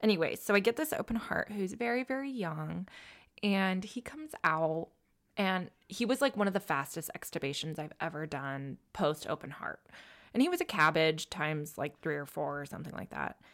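Young woman, nurse co-host, earnest storyteller, slightly low voice, casual podcast chat. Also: lively intonation, normal speed, fairly bright tone. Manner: earnest storytelling, drops to a whisper for quotes.

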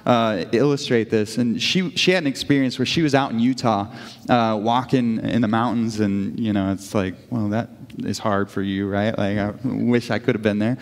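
A man's voice: on the low side, fairly even intonation, moderate pace. A male pastor giving a sermon in a conversational, self-correcting way, acting out inner dialogue as he goes. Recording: long hall reverb.

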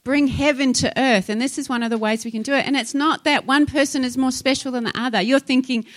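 A woman's voice: high voice, steady tone, fast, dry recording. A woman preaching a sermon, fervent and exhorting, rising into urgent appeals to her congregation.

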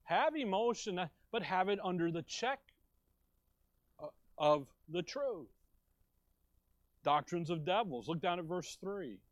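Middle-aged male pastor, emphatic preaching with rhetorical questions, slightly high voice. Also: animated, slow, pauses often, dry recording, muffled recording. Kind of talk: expository sermon. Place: church.

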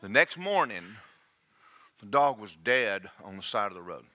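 An older man preaching a sermon, swinging between hushed asides and slow, emphatic lines. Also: on the low side, very animated. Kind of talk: sermon with personal testimony.

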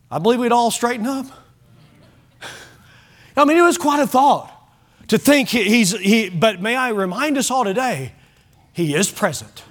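High-voiced emphatic man preaching. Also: expressive, moderate pace, pauses often. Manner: emphatic, swings from loud exhortation to soft hushed lines; conversational asides to the congregation. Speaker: pastor. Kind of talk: sermon.

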